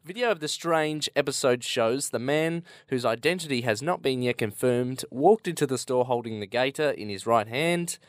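A man's voice: medium pitch, expressive, moderate pace, few pauses, dry recording, clean studio sound. A man co-hosting a podcast, reading out odd news stories and laughing along. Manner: good-humoured, laughs along, reads stories aloud.

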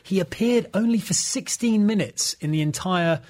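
A man's voice: sits high, normal speed, darkish tone. A man hosting a casual film podcast, chatty and full of trivia. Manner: chatty, trivia-telling, laughs often. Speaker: podcast host.

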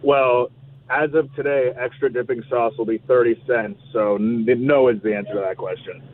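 A man's voice: medium pitch, fairly even intonation, moderate pace. A man calling in to a radio show by phone from his car at a drive-thru, speaking in a dry, slightly hesitant way that stumbles over words. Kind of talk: casual on-air banter. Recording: tinny phone line.

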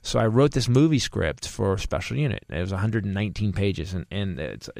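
A man who is a stand-up comedian, telling stories in a casual podcast chat, quick and profane, with frequent restarts. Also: fairly low pitch, creaky, no room sound, clean studio sound. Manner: fast, profane, animated storytelling with quick restarts.

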